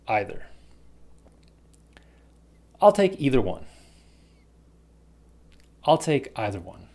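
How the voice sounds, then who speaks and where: A man's voice: lowish voice, vocal fry, darkish tone. A man teaching English pronunciation, carefully demonstrating pairs of words. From United States. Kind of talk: pronunciation lesson.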